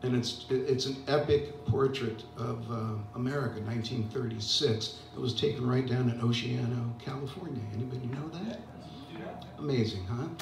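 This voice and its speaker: Between songs, an older open mic host who also sings keeps up casual, self-deprecating chatter in a medium-pitched voice at a moderate pace. Slight background noise is present, and the roomy, distant-mic recording carries guitar behind him.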